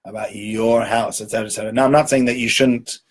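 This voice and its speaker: A man's voice: fairly low pitch, steady tone, fast talker, slightly rough. A man giving an informal Torah lecture in a conversational way, often checking in with "right?" and doubling words for emphasis. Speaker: rabbi giving a Torah talk.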